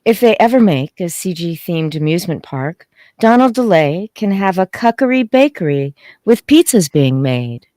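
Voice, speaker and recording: A woman's voice: lowish voice, very animated, moderate pace, mellow, no echo, clean studio sound. A woman on a casual livestream, shy and reluctant when pushed to read.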